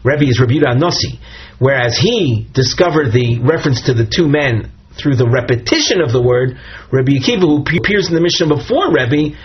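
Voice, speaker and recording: A man's voice: medium pitch, lively intonation, fairly quick, slight background noise. A man teaching a Talmud lesson, reading the Aramaic text aloud and explaining it step by step in English. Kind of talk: Daf Yomi Talmud lesson. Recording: dull lo-fi recording.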